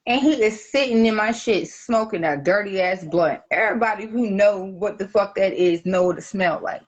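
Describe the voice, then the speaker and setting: A woman telling a personal story in casual podcast chat, profane and animated. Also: medium pitch, normal speed. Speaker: guest.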